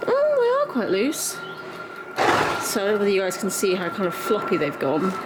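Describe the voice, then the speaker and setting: A young woman vlogging about her pregnant mare, cooing and praising the horse in a soft singsong. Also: medium pitch, moderate pace, very noisy. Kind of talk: casual vlog narration. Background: loud background music.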